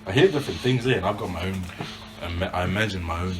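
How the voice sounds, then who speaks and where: A man on a podcast, chatting casually with short agreements and relaxed questions. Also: low voice, fast talker, music in the background. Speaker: podcast co-host. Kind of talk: casual chat. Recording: noisy recording.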